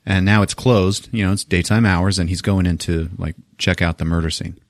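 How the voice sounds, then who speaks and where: A man's voice: sits low, moderate pace, no room sound, studio quality. A man hosting a podcast, recapping a film in casual chat and acting out the quotes with lots of swearing. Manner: animated retelling with acted-out quotes, swearing. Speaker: podcast host.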